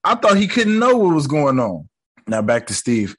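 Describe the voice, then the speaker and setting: A man's voice: on the high side, big pitch swings, moderate pace, breathy edge, no room sound. Young guy doing a casual episode recap, lots of slang and cussing, cracking jokes. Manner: slangy, profane, joking. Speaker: show recap reactor.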